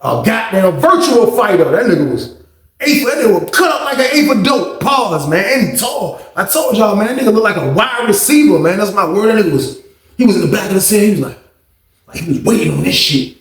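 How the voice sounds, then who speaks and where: A man hosting his own channel, telling a prison story in casual, animated slang and repeating points for emphasis. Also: sits high, a little fast. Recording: roomy echo.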